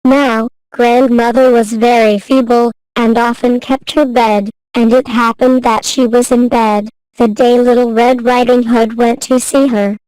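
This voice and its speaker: A woman narrating a classic fairy tale in a slow, careful, even reading voice. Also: fairly high pitch, smooth, dry recording, low-quality recording. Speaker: storyteller.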